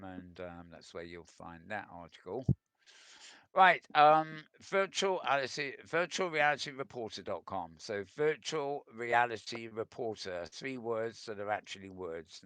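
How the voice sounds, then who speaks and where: A man's voice: fairly low pitch, a bit bright, clear, resonant tone, dry recording. A man hosting a casual news roundup, reading out articles with wry asides, chuckles and plenty of ums. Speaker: news show host.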